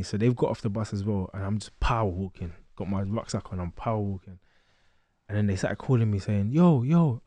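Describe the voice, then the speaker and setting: A young man telling a lively story as a podcast guest, acting out the voices of others. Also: on the low side, dry recording. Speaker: guest boxer.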